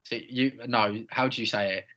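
A man's voice: medium pitch, steady tone, normal speed, pushed and bright, dull audio. A young man, co-hosting a casual chat, reading out audience replies and poking fun at himself. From London area. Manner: teasing, self-mocking, reads audience replies. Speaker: podcast co-host.

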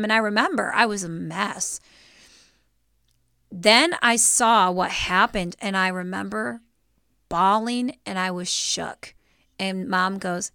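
A woman's voice: mid-range voice, measured pace, clean tone, no echo, clean studio sound. A woman co-hosting a faith podcast, telling stories with a lot of emotion. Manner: emotional, animated storytelling. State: teary. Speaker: podcast co-host. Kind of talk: casual faith talk.

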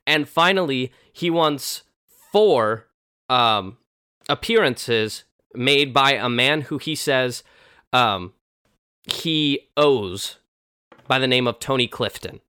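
A man telling a story in a loose, animated, chatty way with lots of fillers. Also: mid-range voice, takes it slowly, clean tone, no echo, clean studio sound. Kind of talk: casual storytelling.

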